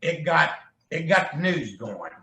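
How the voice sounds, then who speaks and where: A man rambles through jokey stories on a podcast, acting out the people he quotes. His voice is gravelly and fairly high, with a bright, forceful edge. The room adds a noticeable echo. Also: sing-song, unhurried, slight background noise. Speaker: guest, charity ride founder. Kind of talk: casual storytelling chat. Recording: echoey room.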